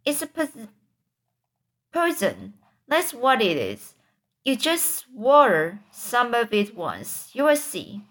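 A woman's voice: fairly high pitch, wildly swooping pitch, takes it slowly, fairly bright tone, heavily acted. A woman voicing Tom, a frightened young boy who whispers urgently in a storybook reading. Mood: warning.

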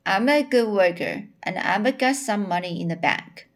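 A woman's voice: medium pitch, expressive, moderate pace, natural voice. Woman reading as a blunt lanky farmhand. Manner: blunt, few words, country grammar. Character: lanky blunt young farmhand suitor, male.

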